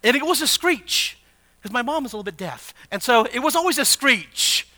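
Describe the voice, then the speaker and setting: Man, pastor, sermon, high pitch, hushed questions then shouted exhortation. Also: expressive, normal speed. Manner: rhetorical questions, emphatic preaching.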